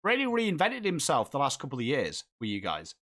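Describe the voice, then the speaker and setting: A man's voice: mid-range voice, wildly swooping pitch, a little fast, fairly bright tone. An English man hosts a live football watchalong stream. He chats casually and answers viewers' comments while reacting to the game. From England. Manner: chatty, reads and answers viewer comments while calling the play. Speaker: host of a live footy watchalong.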